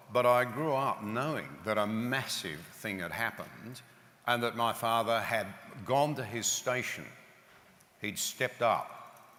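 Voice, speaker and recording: A man's voice: lowish voice, pushed and bright. An older Australian man on a panel, telling a story to an audience and building to emphatic points. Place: large hall with audience. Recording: reverberant hall.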